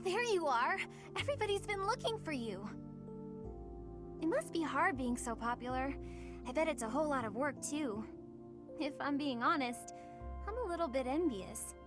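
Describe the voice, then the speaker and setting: An actress voicing a shy young woman in a video game, speaking in a halting, bashful way. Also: high-pitched, expressive. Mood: cheerful. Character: shy young woman tearfully confessing love. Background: loud game music.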